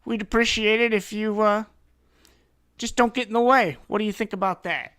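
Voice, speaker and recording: A man voicing a gruff, threatening male detective who barks his lines loudly and bullies others. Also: mid-range voice, steady tone, normal speed, no echo, clean studio sound, natural voice. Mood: brusque. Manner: loud, barking, bullying.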